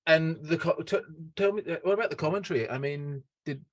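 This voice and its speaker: A man's voice: on the high side, fairly quick, no room sound. Man giving brief interview prompts. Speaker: interviewer and host. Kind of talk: casual interview.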